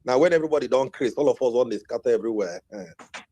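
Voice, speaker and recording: A man with a Nigerian Pidgin accent, calmly stepping in to steer a heated live audio chat. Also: mid-range voice, quick pace, breathy edge, no echo. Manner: soothing, mediating, drops into Pidgin.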